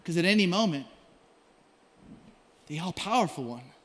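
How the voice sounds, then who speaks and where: A male pastor delivers a sermon in a high voice, shifting from near-whispers to ringing shouts as he tells his stories. His words trail off into a long hall reverb. He preaches with the pull of someone at home at the pulpit. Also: lively intonation, normal speed. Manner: storytelling preacher, swings from hushed to shouted.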